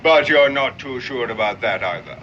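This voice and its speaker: A man's voice: medium pitch, lively intonation, normal speed, sharp tone. An actor playing a haughty male naval commodore who speaks formally with dry sarcasm. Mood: sarcastic, commanding. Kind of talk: 1960s TV drama acting. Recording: muffled old TV soundtrack with background noise.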